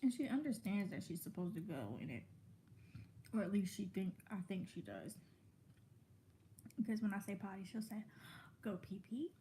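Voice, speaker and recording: Pregnant woman in her 20s, mellow voice, rambles while she eats, faint hiss. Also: mid-range voice, sing-song, normal speed, pauses often. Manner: rambling, chatty, talks between bites. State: pregnant and full from eating. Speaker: vlogger. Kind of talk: casual chat while eating on camera.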